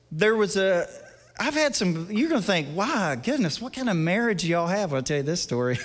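A man preaching a storytelling sermon in a church service, chatty, laughing between lines and dropping to a hush for the tense parts. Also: high-pitched, a little hiss or hum. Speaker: guest preacher and guitarist. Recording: long reverb from a large hall.

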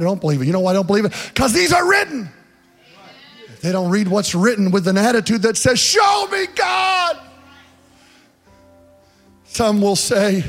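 A man preaching a fervent sermon in a church, swinging between shouted passages and hushed speech. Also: sits high, breathy edge. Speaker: pastor. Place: church sanctuary.

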